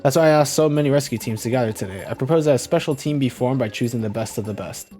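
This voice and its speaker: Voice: medium pitch, quick pace, mellow, soft background music, natural voice. A streamer voicing a commanding guild leader who rallies rescue teams.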